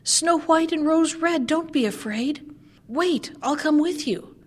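A woman voicing an enchanted bear who is a king's son in a storybook reading, calm and reassuring. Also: a little high, moderate pace, lightly acted. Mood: calm noble.

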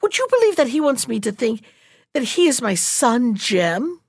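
Storybook: woman reading as a harsh, grieving market mother, scornful, very animated. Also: a little high, normal speed, slightly rough, no echo, clean studio sound, exaggerated voice. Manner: angry, scornful.

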